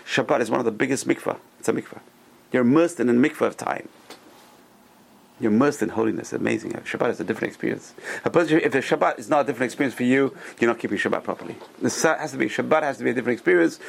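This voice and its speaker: Man, rabbi teaching a class, fast talker, gravelly voice, enthusiastic and exclaiming. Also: mid-range voice. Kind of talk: classroom Torah lecture with storytelling.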